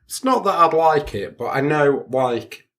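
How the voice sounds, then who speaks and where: Guy cohost tossing out dry jokes, pitch bounces around a lot. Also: animated, fairly bright tone. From England. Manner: wry banter, quick quips. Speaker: podcast co-host. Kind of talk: casual comedic chat.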